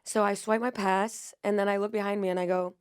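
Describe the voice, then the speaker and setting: A young woman comedian telling an animated, profane story in casual podcast chat. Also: medium pitch, brisk, smooth. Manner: animated, profane, acts out quotes. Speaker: guest comedian.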